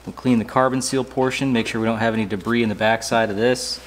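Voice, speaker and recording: A man hosting a hands-on repair tutorial, walking through each step in a relaxed way with dry, sarcastic asides. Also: medium pitch, fast, slight background noise. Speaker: DIY motorcycle repair tutorial host. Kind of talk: casual how-to walkthrough.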